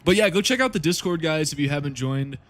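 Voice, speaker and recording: A man's voice: on the high side, lively intonation, fast talker. A man chatting casually to his viewers on a live stream while playing a game, rambling, laughing and swearing freely.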